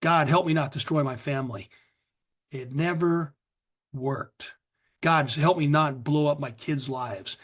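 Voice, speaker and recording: A middle-aged man from the USA shares his recovery story with a pitch a bit above average. He is earnest and confessional and acts out his old self's words. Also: unhurried, fairly bright tone. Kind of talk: personal testimony at a recovery meeting.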